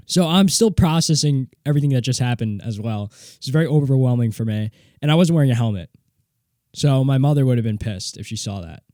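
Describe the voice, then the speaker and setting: A man's voice: medium pitch, brisk, no echo. Rambling young man telling a story in a home studio. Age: young adult. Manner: rambling, animated, swears casually. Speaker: podcast host. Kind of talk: casual solo storytelling. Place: home studio with guitar and mixing board.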